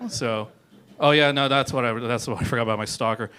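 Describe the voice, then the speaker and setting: Young male comic, mid-pitched, rambling delivery full of fillers and curses. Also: steady tone, a little fast, bright, forceful tone. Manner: rambling, filler-heavy, swearing, laughs at own jokes. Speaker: comedian. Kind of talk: stand-up comedy set.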